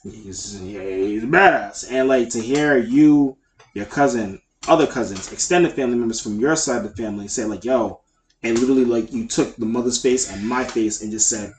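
A man's voice: medium pitch, normal speed, slight background noise. A man co-hosting a podcast in casual chat, speaking in a heartfelt, rambling way with lots of fillers. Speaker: podcast co-host. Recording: echoey room.

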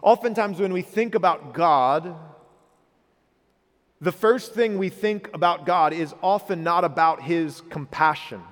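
A man's voice: high voice, a little slow. Earnest male preacher in a reverberant hall. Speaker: pastor. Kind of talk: sermon.

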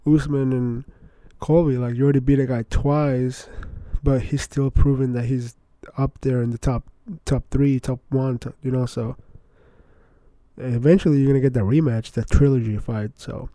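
A young man hosting a podcast, rambling excitedly in casual slangy chatter, full of "bro" and "like". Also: medium pitch, normal speed, no echo. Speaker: podcast host. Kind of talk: casual solo podcast talk.

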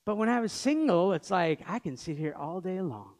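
A man's voice: sits high, very animated, normal speed, darkish tone. A man in his thirties preaching a sermon in a conversational way, with joking asides. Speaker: pastor.

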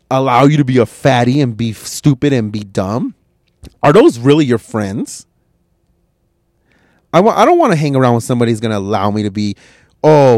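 A man's voice: medium pitch, no echo. Man, thirties, profane tough-love rant, blunt and crude, dry close mic. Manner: blunt and crude, swings from quiet musing to loud scolding. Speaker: podcast host.

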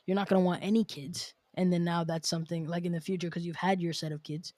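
A woman's voice: lowish voice, little pitch movement, fast talker, darkish tone, no echo, studio quality. A woman hosting a podcast, chatting casually and animatedly, laughing often as she talks. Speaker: podcast host.

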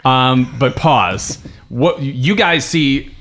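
A man's voice: medium pitch, extremely slow, a bit bright. A man running a tabletop game as game master, narrating and ruling in a loose, chatty way with frequent laughs.

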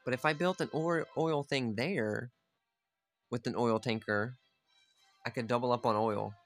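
A man's voice: medium pitch, measured pace, soft background music. Man chatting casually over gameplay. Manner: chatty, swears freely, talks to his units. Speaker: gamer playing a strategy game.

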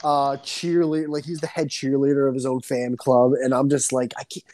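A young man co-hosting a podcast, ranting excitedly and swearing a lot in casual chat. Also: moderate pace, slight background noise. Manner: excitable ranting, heavy swearing, swings up high when worked up. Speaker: podcast co-host.

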